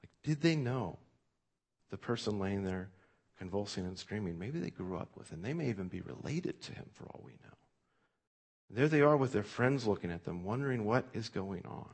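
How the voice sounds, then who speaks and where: A male pastor delivers a sermon in a somewhat low voice. He talks in a relaxed, conversational way, often pausing on fillers and restarting his sentences. When he reads the scripture aloud, he gives it extra emphasis. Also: breathy edge.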